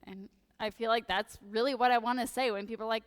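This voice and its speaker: A woman priest giving a lively, humorous sermon in a church, full of animated, sarcastic asides. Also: a little high, fast talker, long reverb tail. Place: church sanctuary.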